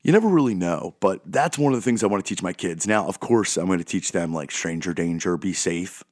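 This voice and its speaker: A man's voice: low-pitched, lively intonation, fairly quick, darkish tone, no echo, studio quality. A man hosting a podcast, talking in a rambling, self-deprecating, goofy way. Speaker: podcast host. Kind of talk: casual monologue.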